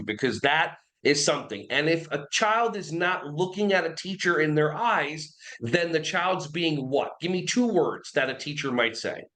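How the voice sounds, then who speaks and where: A man's voice: on the high side, rough recording. A man in his forties from New Jersey, a guest on a podcast talking casually and energetically, sometimes slipping into silly voices. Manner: energetic, animated storyteller who breaks into silly voices. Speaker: guest, early childhood behavior trainer.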